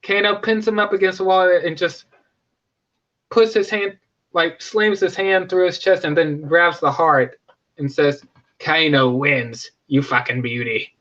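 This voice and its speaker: Bright-voiced young man rambling about a movie. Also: sits high, measured pace, highs cut off. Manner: rambling, with many restarts and fillers. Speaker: movie reviewer. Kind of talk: casual spoiler review.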